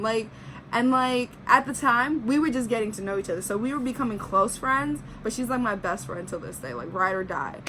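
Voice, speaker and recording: A woman's voice: on the high side, expressive, a little fast, pushed and bright, slight background noise, poor audio. A young woman vlogger chatting through a personal story, full of "like" and acting out what people said. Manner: chatty, heavy use of "like", acts out quotes. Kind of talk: casual storytime.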